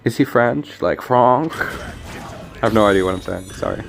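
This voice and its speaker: A man's voice: lowish voice, a little slow, vocal fry, soft background music. A man streaming a card game, talking through his plays in a rambling, jokey, self-deprecating way. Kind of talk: casual gameplay commentary.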